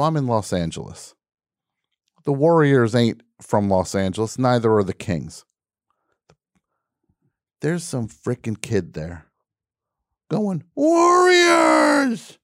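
Grumbling radio host with a low voice. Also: male voice, a little mellow, no room sound, clean studio sound. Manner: grumbling, exasperated storytelling with mock outrage. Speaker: radio call-in show host. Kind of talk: comedic call-in radio rant.

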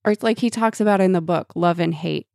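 Woman, co-host, casual book chat, gravelly, slightly low voice. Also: fast, no room sound, clean studio sound. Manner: animated, reads book passages aloud.

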